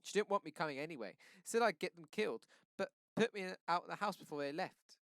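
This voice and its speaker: A man reading aloud and voicing a frightened teenage boy who speaks in a rushed, pleading way. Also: fairly bright tone, smooth, no echo, natural voice. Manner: pleading, rushed and raised in pitch. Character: scared, desperate teenage boy.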